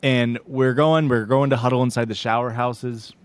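A man's voice: mid-range voice, steady tone, moderate pace. Rambling young male podcast co-host. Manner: rambling storyteller, self-deprecating, laughs often. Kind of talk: casual chat.

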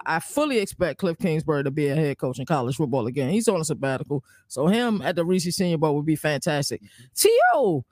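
A man co-hosting a sports podcast, laying out his picks in a measured way with facts and stats. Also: on the high side, darkish tone, no room sound, clean studio sound. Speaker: podcast co-host. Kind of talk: casual sports chat.

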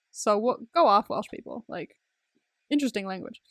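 A young woman co-hosts a casual movie recap podcast, chatty, full of fillers and laughing often. Her mid-range voice has lively intonation at normal speed, captured in clean studio sound with no echo.

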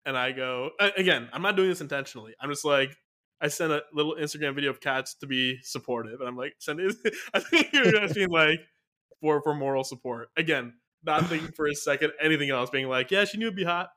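Dude cohosting a podcast, animated, slangy, laughs a lot, casual chat. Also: male voice, fairly high pitch, brisk. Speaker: podcast co-host.

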